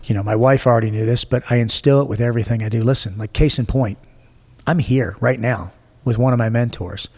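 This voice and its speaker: A man's voice: mid-range voice, a little fast, long reverb tail. A man in his forties tells a story from his own life in a casual interview, blunt and full of swearing. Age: 40s. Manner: blunt, profane, animated storyteller. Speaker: guest.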